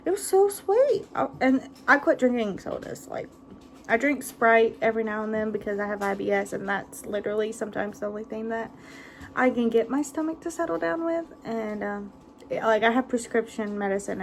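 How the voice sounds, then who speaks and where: A woman's voice: on the high side, very animated, normal speed, a little hiss or hum. A woman, chatting casually in a rambling vlog and laughing often. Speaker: vlogger. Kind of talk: casual chat.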